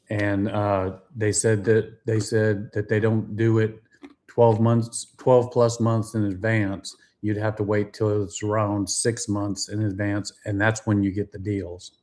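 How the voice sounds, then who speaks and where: A man's voice: fairly low pitch, a little mellow. An older man, co-hosting a casual livestream chat, easygoing and stumbling over words now and then. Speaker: co-host of a livestream.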